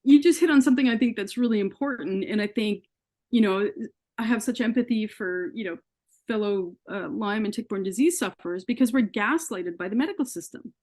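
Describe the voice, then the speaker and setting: A woman's voice: medium pitch, fairly quick, a little mellow. Earnest woman guest, retells her ordeal and voices the quoted dialogue. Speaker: interview guest. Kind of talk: personal story in an interview.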